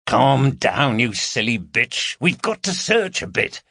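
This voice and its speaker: A man's voice: medium pitch, big pitch swings, slow, vocal fry, a bit bright, dry recording, studio quality, pitched above the performer's own voice, full character voice. Man doing a harsh, hissing burglar. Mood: tetchy, urgent. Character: tetchy, bossy male burglar neighbour.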